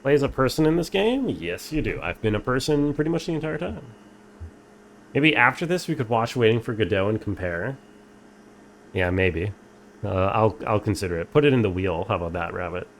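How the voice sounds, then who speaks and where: A man's voice: lowish voice, gravelly, a little hiss or hum. A young man streaming a game, reading its text aloud and chatting dryly with viewers. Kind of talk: casual game playthrough commentary.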